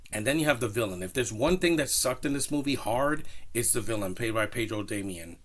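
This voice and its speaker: A man's voice: medium pitch, fairly quick. Opinionated man reviewing a movie. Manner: opinionated, rambling, animated. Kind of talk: casual spoken film review.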